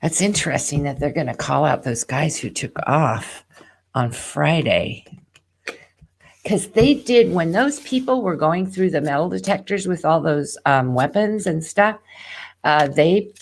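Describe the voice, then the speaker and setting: A woman's voice: fairly low pitch, vocal fry. A woman hosting a live tarot reading, talking in a rambling, tangential way straight to her viewers.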